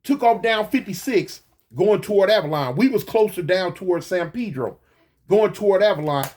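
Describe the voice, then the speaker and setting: La guy with a pretty high voice, telling his story, keeps restarting, makes bang noises. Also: moderate pace. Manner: animated, repeats and restarts, mouths gunshot sounds. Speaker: guest recounting a shooting. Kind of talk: casual storytelling.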